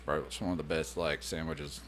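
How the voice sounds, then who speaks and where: A young man, a Navy sailor, telling stories in a casual chat, animated and swearing as he acts out the dialogue. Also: extremely low pitch, fairly quick, background noise. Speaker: podcast guest, Navy sailor.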